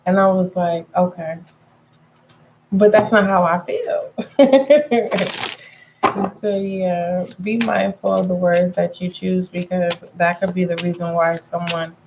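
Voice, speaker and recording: Gravelly low-voiced woman reading tarot. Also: steady tone, slow, lo-fi sound, background noise. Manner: chatty, addresses viewers with pet names; frank, repeats herself for emphasis. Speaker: tarot reader. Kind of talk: casual tarot reading to viewers.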